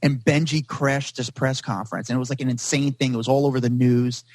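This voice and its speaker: A man's voice: mid-range voice, steady tone, no echo. A man telling long, rambling stories as a podcast guest, with "like" in nearly every sentence. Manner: rapid, rambling, heavy use of "like". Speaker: paparazzo guest. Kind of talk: storytelling in a podcast interview.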